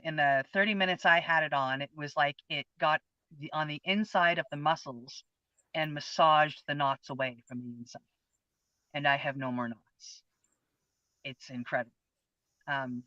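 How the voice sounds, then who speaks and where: This co-host is a woman in her fifties telling a personal story with earnest openness during a relaxed chat. She speaks at a normal speed in a deep, bright, forceful voice with fairly even intonation and no echo, though the recording sounds dull, lo-fi, and dry.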